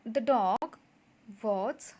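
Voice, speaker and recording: A woman's voice: a little high, animated, very slow, warm tone. A woman teaching a grammar lesson to schoolchildren, patiently repeating points and quizzing the class.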